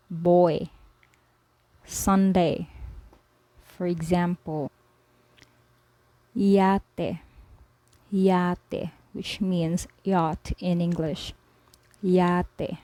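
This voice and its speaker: A woman's voice: fairly low pitch, warm tone, no room sound, rough recording. A woman teaching a spoken language lesson, explaining each letter patiently and repeating every example word several times. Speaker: language tutor.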